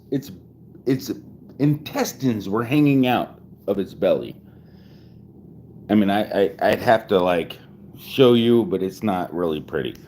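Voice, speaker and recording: A man's voice: deep voice, warm tone, slight background noise. A man in his forties talking casually at home, rambling with lots of swearing and restarts. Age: 40s. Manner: profane, rambling, restarts often. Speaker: vlogger.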